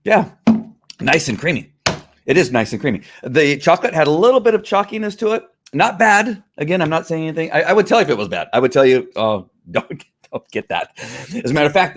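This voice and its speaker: Man, lowish voice, rambling live-stream review, chatty, lots of restarts. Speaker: vlogger reviewing products.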